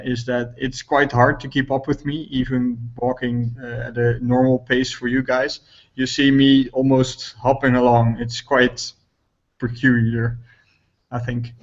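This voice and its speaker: Flat-voiced man at a game table. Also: mid-range voice, highs cut off. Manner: flat, halting. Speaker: player. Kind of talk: describing his character's actions.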